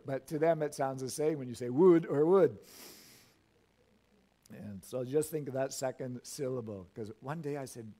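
A man's voice: a little high, normal speed, long pauses, mellow. A middle-aged male pastor preaching a sermon in a church, reading scripture and making folksy asides with frequent chuckles.

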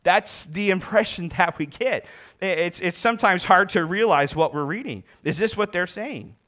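Guy pastor preaching, voice a bit on the high side, reads verses then hammers the point home. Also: moderate pace, fairly bright tone. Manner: reads scripture aloud, then explains it with emphatic repetition. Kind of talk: sermon.

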